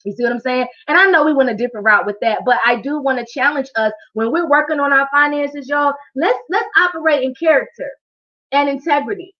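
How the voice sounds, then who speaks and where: High-voiced woman coaching over a video call. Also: fairly quick, highs cut off. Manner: animated, preacher-like, talks straight to the audience. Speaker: financial coach hosting a training. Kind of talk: live online workshop talk.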